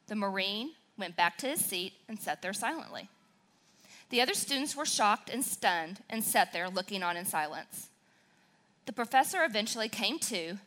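A bright, forceful woman with a southern Wisconsin accent who is preaching at church as the pastor's wife. She tells her stories with sass and excitement, and she lets her feelings show. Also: medium pitch. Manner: sassy, excitable, emotional storytelling. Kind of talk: sermon.

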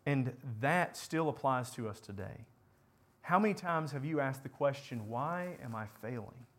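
A man preaching a sermon, building to impassioned repeated questions and sinking to quiet, earnest prayer. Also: medium pitch, animated, moderate pace. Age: adult parent.

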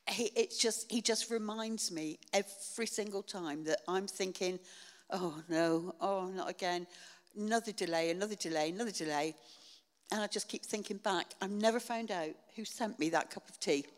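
An older woman giving a personal church testimony in an earnest, halting way with many pauses and fillers. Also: lowish voice. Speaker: church member sharing testimony. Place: church hall. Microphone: shared handheld mic. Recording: echoey church hall.

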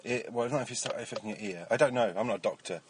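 An English man co-hosting a casual podcast from inside a car, talking in a dry, deadpan, joking way. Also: mid-range voice, fast talker. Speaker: podcast co-host. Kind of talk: casual chat. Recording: distant mic with faint background noise.

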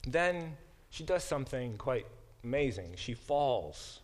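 A man's voice: medium pitch, very animated, slow pace. A middle-aged man giving a lecture to a class as its professor, explaining with frequent fillers and restarts. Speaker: professor teaching a Bible class.

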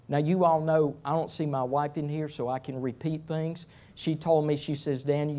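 A middle-aged pastor delivers a sermon at a slow, deliberate pace. He speaks plainly and takes his time over every phrase. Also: on the high side, darkish tone.

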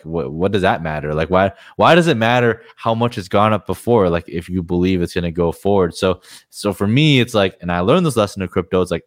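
A man's voice: low voice, no echo, studio quality. A man talking as a guest on a podcast, frank and rambling, swearing casually as he explains his points.

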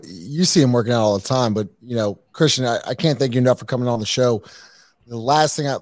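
A man's voice: mid-range voice, a little mellow, no room sound. A man hosting a casual sports podcast, asking questions and thanking his guest in a friendly, upbeat way. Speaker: podcast host.

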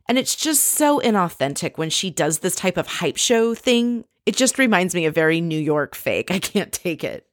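A woman's voice: lowish voice, lively intonation, normal speed, few pauses, dry recording, clean studio sound. A woman giving casual commentary on a reality show, blunt and sarcastic. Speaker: reality TV recapper.

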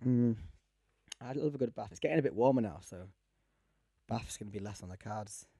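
A man's voice: lowish voice, fairly quick, dark tone, slightly rough, no room sound, clean studio sound. A young man co-hosting a podcast in casual chat, rambling and laughing often. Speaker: podcast co-host.

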